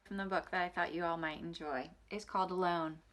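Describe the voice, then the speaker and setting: A woman reading a picture book aloud to small children in a gentle, expressive way. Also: fairly low pitch, a little fast, slight background noise. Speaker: nursery school reader. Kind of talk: storybook read-aloud for children.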